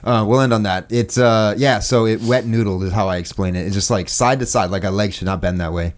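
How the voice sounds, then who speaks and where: A man's voice: fairly low pitch, brisk. A man with an upper Midwestern accent hosting a podcast, chatting casually and rambling with many fillers. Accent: upper Midwestern American. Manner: rambling, lots of filler words. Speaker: podcast host.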